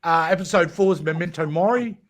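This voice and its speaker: Keen Australian man, fairly high voice. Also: fairly quick. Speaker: podcast co-host. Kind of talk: casual fan chat.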